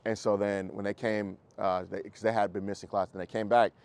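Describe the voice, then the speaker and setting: A male dog trainer explains methods to his class in a loose, animated way, acting out what dogs and owners say. His voice sits low and has a gravelly edge, and he swears casually. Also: brisk. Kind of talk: casual coaching in a group class.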